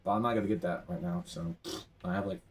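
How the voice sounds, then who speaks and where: A man rambling through a game's item shop in casual commentary, excitable, his voice often jumping up high. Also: fast talker. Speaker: gamer browsing an item shop.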